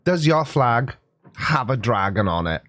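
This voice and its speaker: A man's voice: mid-range voice, big pitch swings, a little slow, a bit bright, no room sound. A Welsh man in his forties with a sarcastic, jokey delivery, giving a comic monologue. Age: 40s. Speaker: YouTuber.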